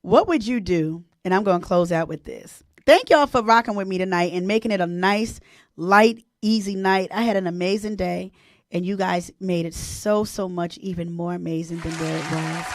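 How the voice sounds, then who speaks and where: A woman hosting a radio show, chatting casually with her listeners, animated and laughing often. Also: on the low side, moderate pace, no echo, clean studio sound. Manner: animated, laughs a lot, sings playful bits.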